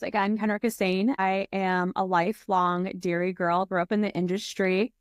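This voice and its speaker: A woman's voice: dry recording, studio quality. A woman from Michigan, chatting with enthusiasm as a podcast guest and acting out quoted lines. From West Michigan, USA. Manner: chatty and enthusiastic, acts out quoted remarks with jumps in pitch. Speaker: guest, dairy sustainability founder. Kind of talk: casual interview chat.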